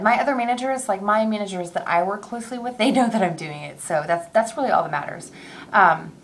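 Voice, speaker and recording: A woman in her thirties talking openly in a casual personal video diary, rambling a little and quick to get teary. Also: on the low side. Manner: chatty, candid, excitable, quick to tear up; rambling with many ums and restarts. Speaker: vlogger.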